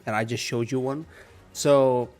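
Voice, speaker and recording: A young man with a calm, soft-spoken manner chatting casually with viewers while playing a game at home. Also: mid-range voice, a little slow, soft background music. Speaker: gaming streamer. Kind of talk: casual live game commentary. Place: home room.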